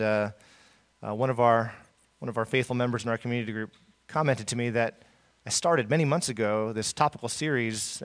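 A man's voice: mid-range voice, fairly bright tone. A man preaching a sermon as pastor, earnest, with many fillers and restarts.

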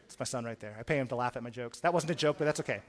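A middle-aged man preaching a sermon in an earnest way, repeating words as he starts phrases and swinging from quiet to loud. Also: mid-range voice, very fast.

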